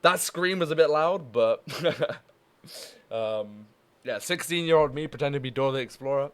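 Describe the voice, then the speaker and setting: A man's voice: medium pitch, moderate pace, clean tone. A young man in his twenties chatting casually on a gaming stream, rambling, swearing and laughing as he talks.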